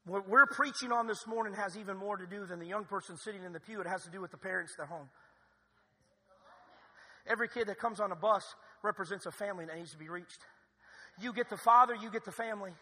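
A male pastor preaching a sermon in a church, building to loud, emphatic cries. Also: sits high, fast talker, husky, long reverb tail. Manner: preaching with rising, shouted emphasis. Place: church sanctuary.

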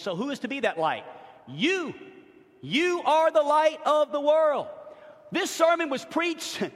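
In a reverberant church sanctuary, a high-pitched male pastor from New Orleans preaches a sermon with strong emphasis. His delivery rises to loud peaks and drops to near whispers, all trailing off in long echoes.

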